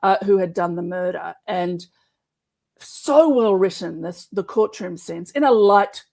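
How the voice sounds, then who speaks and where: A woman's voice: fairly low pitch, animated, a little slow, creaky, a little mellow. A woman with an Australian accent, chatting as a guest co-host and wandering off into asides. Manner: rambling, digressive talk full of asides. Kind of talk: casual chat.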